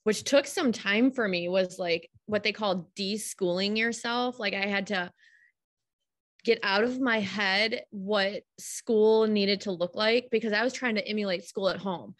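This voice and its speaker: A woman's voice: mid-range voice, a little slow, a bit bright. A woman guest, a homeschooling mother, talking things through at length in an earnest, open way during a casual live call.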